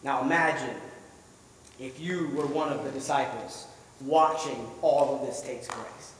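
A man's voice: mid-range voice, steady tone, measured pace, a little hiss or hum. A man preaching a sermon, retelling a story vividly and asking the listeners rhetorical questions. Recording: echoey hall, voice from far off.

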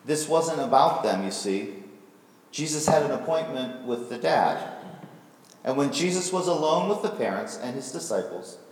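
A man's voice: medium pitch, animated, normal speed. A male pastor preaching a sermon, retelling a story vividly and asking rhetorical questions. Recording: echoey hall, voice from far off.

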